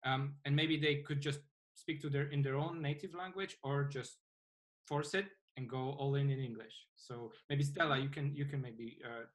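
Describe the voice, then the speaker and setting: A man hosting a panel conversation, speaking hesitantly with many pauses and restarts. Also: medium pitch, fairly even intonation. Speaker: host. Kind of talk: moderating a panel.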